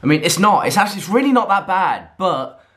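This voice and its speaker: This young fitness vlogger, filming casually at home, can't contain his excitement. He talks fast and chattily, gushing eagerly, in a voice pitched somewhat above the typical male range.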